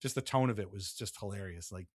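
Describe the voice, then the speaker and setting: A man co-hosting a casual sports podcast, talking in an animated way with quick asides and frequent laughs. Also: on the low side, breathy edge, dry recording, studio quality. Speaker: podcast co-host.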